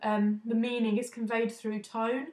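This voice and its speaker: A young woman from the UK giving a casual, indignant opinion vlog, talking quickly and often restarting her sentences. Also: on the high side, little pitch movement, a little mellow, slight background noise. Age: young adult. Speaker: vlogger. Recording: echoey room.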